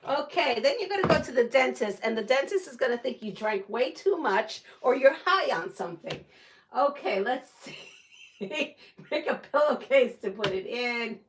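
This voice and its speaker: Slow-talking woman quilting host. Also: on the high side, expressive, a bit bright, a little hiss or hum. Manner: chatty, laughs often, talks to viewers. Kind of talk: casual live-stream chat while sewing. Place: home quilting room.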